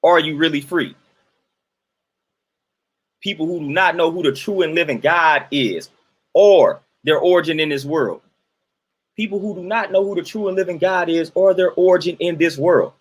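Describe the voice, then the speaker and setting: A man's voice: on the high side, moderate pace, slightly rough. A man, giving an emphatic, repetitive, sermon-like monologue on his livestream. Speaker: livestream host.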